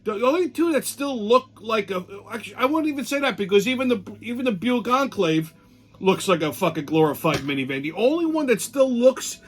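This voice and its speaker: A man's voice: high voice, animated, fairly quick. A middle-aged man, hosting a casual monologue show, blunt, profane and ranting. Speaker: podcast host.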